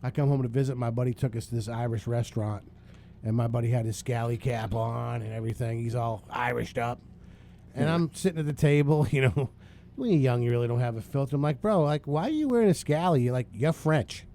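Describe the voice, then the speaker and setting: A man co-hosting a podcast in loud, joking casual banter, often jumping up in pitch. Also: steady tone, a little fast, creaky, a little hiss or hum. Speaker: podcast co-host.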